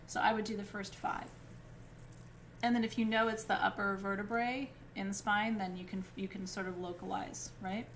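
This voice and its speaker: Woman teacher, live class, chatty and informal, quick to laugh, mid pitch, faint background hiss. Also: fairly even intonation, fairly bright tone. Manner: chatty and informal, with many fillers and "right?"; laughs easily between points. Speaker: spiritual teacher.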